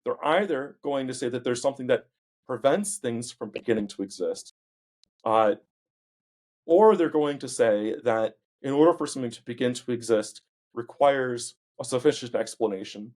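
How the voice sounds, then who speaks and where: A man, a philosopher guest, explaining ideas carefully in a casual academic discussion with many pauses. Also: mid-range voice, darkish tone. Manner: explanatory, many ums and uhs.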